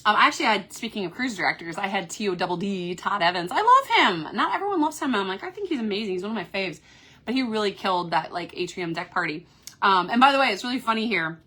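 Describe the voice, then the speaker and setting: A woman with a Kentucky accent, chatting upbeat and fast from a cruise ship cabin while reading viewer comments aloud on her phone. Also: medium pitch, lively intonation, sharp tone. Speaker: cruise vlogger host. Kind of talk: casual live-stream chat.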